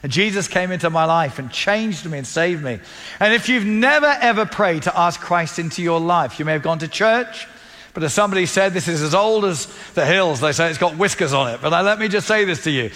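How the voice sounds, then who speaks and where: A man's voice: sits high, animated, brisk, sharp tone, in a large hall. A man preaching a sermon, telling a story with animation and acting out the dialogue.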